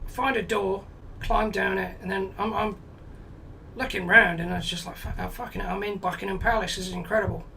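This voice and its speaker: Gravelly man telling a sweary comic story. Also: high-pitched, sharp tone, recorded from a distance, a little hiss or hum, low-quality recording. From England. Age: 40s. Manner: blunt, sweary, exasperated anecdote with quoted dialogue. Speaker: comedy storyteller.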